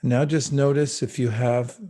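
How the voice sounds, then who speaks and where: A man with a mellow, warm voice leads a guided meditation over a video call. His delivery is calm and unhurried, gently instructive as he walks listeners through breathing. His pitch sits in an ordinary middle range for a man. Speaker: meditation teacher.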